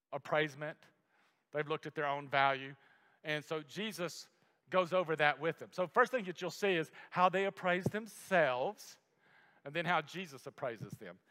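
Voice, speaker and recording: A man preaches with a voice that sits a little high for a man, his words trailing into a long hall reverb. He swings from loud, stretched-out emphasis down to a hushed near-whisper, slowing right down on the words that matter most. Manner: slows to stress key words. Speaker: pastor. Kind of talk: sermon.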